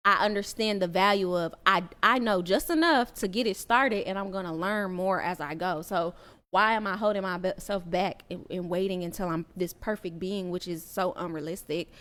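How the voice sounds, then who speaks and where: Smooth-voiced earnest woman guest. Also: fairly low pitch, fairly bright tone. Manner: earnest, reflective, talks about faith. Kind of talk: casual chat.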